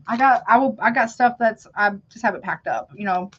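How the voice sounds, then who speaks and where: A woman's voice: medium pitch, fairly quick, hardly any pauses, highs cut off, a little hiss or hum. A woman giving a live tarot reading, talking casually to her viewers and calling them honey. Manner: chatty, calls viewers honey, self-interrupting. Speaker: tarot reader.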